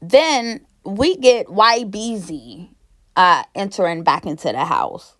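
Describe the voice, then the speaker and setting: A woman's voice: mid-range voice, expressive, takes it slowly, fairly bright tone, dry recording, studio quality. A young woman from Pennsylvania recapping a reality show in a sassy, gossipy, casual way, laughing often.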